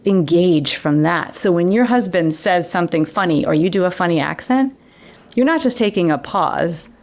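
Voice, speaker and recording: A woman guest on an interview show, an educator, explaining brain science in a lively conversational way. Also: lowish voice, moderate pace. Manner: animated explainer who acts out quotes. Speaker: guest educator and former children's TV director.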